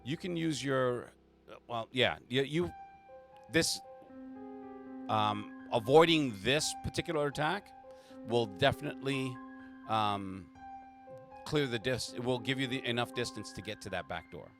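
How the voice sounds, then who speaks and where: A man's voice: medium pitch, unhurried, long pauses, fairly bright tone, faint music behind. A man running a tabletop game as game master, narrating the action with frequent restarts.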